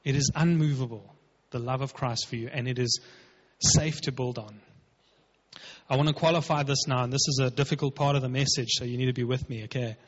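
A man's voice: mid-range voice, fairly even intonation, brisk, breathy edge. A man preaching a sermon as pastor, emphatic and conversational, acting out quotes. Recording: dull, lo-fi with long hall reverb.

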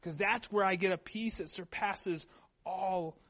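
In a sermon to his congregation, this pastor uses a high, light, fairly bright male voice, keeping a steady tone at a slightly slow pace. He talks conversationally, shares personal anecdotes, and leans on earnest repetition for emphasis.

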